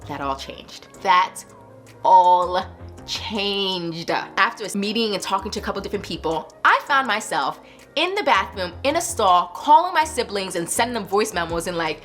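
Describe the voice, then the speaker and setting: A young woman vlogger telling a personal story in a casual, animated way, filling her talk with "like" and "you know" and acting out what others said in a higher voice. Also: moderate pace, faint music behind. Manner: animated, acts out quotes in a higher voice; casual, many likes and you knows. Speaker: YouTube creator.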